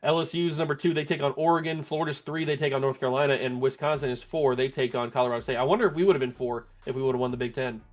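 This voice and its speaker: A man hosting a gaming channel, giving play-by-play commentary on his video game, laughing often and yelling in disbelief at glitches. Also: medium pitch, fairly even intonation, racing, few pauses.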